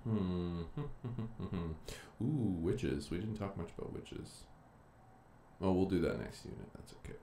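In an echoey room with faint noise, a man gives a relaxed live-stream lesson, musing aloud while clicking around his files. His deep, warm voice is expressive and unhurried.

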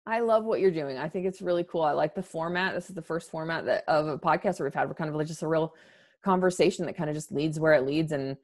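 A woman in her thirties, low-voiced and fast, speaks as a podcast guest in a candid interview. She's earnest and emphatic, restarting sentences often, and sounds emotional and close to tears.

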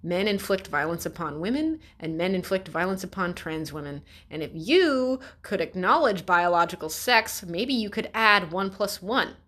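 A woman's voice: lowish voice, expressive, normal speed, few pauses, a bit bright. Sarcastic, swearing woman ranting. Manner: sarcastic, exasperated, swears a lot. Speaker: commentator reacting to an article. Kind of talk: ranting commentary.

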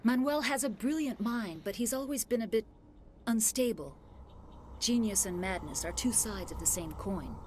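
A woman's voice: on the high side, moderate pace, a little mellow, a little hiss or hum, close to an everyday voice. A woman voicing a female scientist recounting an attack she survived, in a video game. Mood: shaken. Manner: shaken, earnest.

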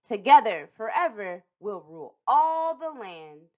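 An evil wizard with a long beard, gloating over a captive princess, read aloud by a woman in a children's storybook. The lines come slowly and drawn out, with a lively rise and fall. The recording sounds dull and lo-fi. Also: mid-range voice.

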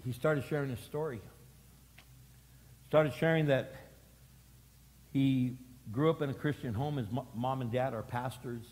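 A man preaching a sermon as pastor, telling stories with acted-out voices and sudden loud emphatic bursts. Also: medium pitch, a little slow, pauses often. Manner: animated storytelling, acting out voices, jumps to loud emphatic peaks. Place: church sanctuary. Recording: long hall reverb.

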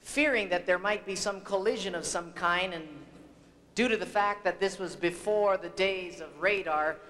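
This pastor's voice is fairly high for a man, and it trails off into a long reverb in a large hall. He talks in a folksy storytelling way and prays earnestly, as heard on old, worn videotape. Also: moderate pace, sharp tone. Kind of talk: invocation sermon with a told story. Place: large graduation ceremony venue.

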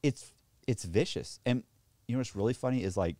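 Animated, profane man telling a prison story. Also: fairly quick, dry recording. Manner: animated storyteller, profane, mimics other inmates with high squeals and low mutters. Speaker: podcast guest. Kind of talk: storytelling in casual chat.

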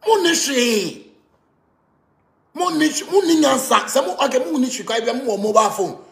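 A man's voice: extremely high pitch, animated, moderate pace, creaky, fairly bright tone, roomy sound. A man with a Ghanaian accent, delivering an angry rant monologue that mixes pidgin with local-language phrases. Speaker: musician.

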